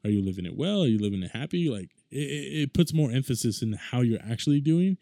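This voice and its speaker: A man's voice: medium pitch, animated, fast talker, gravelly, dark tone, dry recording, clean studio sound. A young man in his twenties hosting a casual solo podcast, talking in a rambling, conversational way with lots of fillers. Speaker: podcast host.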